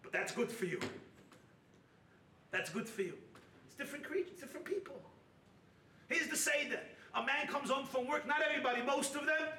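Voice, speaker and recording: A man giving a sermon as a rabbi at a weekend retreat, animated and humorous, driving his points home with shouted emphasis. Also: very high-pitched, fairly quick, long pauses. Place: hall at a retreat. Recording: roomy hall from a distant mic with faint noise.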